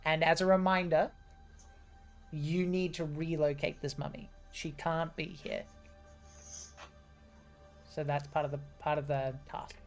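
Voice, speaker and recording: Woman running a tabletop game, low voice, chatty, faint music behind. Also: level tone. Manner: chatty, laughs easily, quick asides. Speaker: game master.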